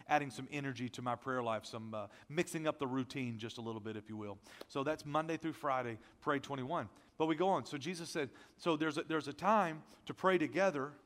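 A man preaching a sermon as pastor, energetic and conversational, with self-deprecating asides, and without a deep voice. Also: in a large hall. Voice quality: not a deep voice.

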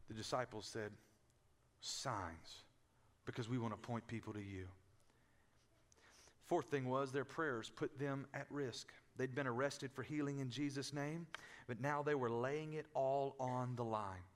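A man's voice: mid-range voice, unhurried. A man preaching a sermon, building intensity through repeated cadences and rhetorical questions. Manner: preaching with rising and falling intensity, repetitive cadences. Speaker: pastor.

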